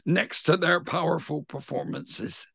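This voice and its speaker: A man's voice: fairly high pitch, unhurried, gravelly, breathy edge, no echo, studio quality. A middle-aged man with a West Country English accent, a pantomime actor chatting enthusiastically in an interview. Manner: chatty and enthusiastic, animated storytelling. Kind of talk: casual interview chat.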